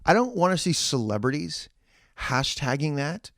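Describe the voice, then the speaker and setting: A man's voice: fairly high pitch, very animated, moderate pace, fairly bright tone, no room sound, clean studio sound. A man co-hosting a church podcast in casual chat, earnest and ranting in bursts with frequent restarts.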